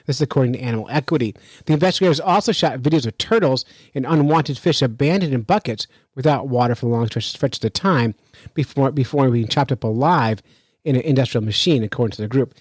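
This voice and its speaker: A man hosting a fishing podcast, telling a story in an animated, chatty way and reading news out with his own remarks. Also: mid-range voice, fast talker, breathy edge, no echo, poor audio. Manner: animated, chatty, laughs while telling stories. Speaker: podcast host. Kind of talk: casual storytelling and news commentary.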